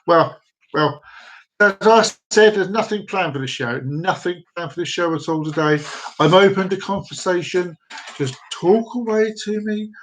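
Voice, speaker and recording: A man's voice: sits high, measured pace, pauses often, a bit bright, a little hiss or hum, poor audio. A man hosting a casual live stream at home, telling bad jokes in a rambling, repetitive way. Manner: jokey, rambling, repeats himself. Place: downstairs room at home with dogs.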